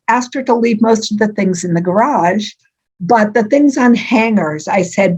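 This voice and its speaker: An older woman with a husky, slightly breathy voice talks through a relaxed interview. Her stories wander warmly, full of ums and small laughs. The sound is muffled, like a lo-fi remote call. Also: medium pitch. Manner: warm storytelling with frequent ums and laughs. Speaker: author and interview guest. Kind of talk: conversational interview.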